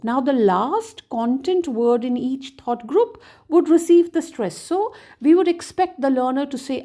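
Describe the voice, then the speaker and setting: A middle-aged woman teacher talks slowly and patiently, her fairly high voice rising and falling a lot. Her tone is mellow, and she leans hard on key words as she models them for other teachers. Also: animated. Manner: patient, emphatic, models stressed words aloud. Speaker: English teacher trainer. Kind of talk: explaining a classroom lesson.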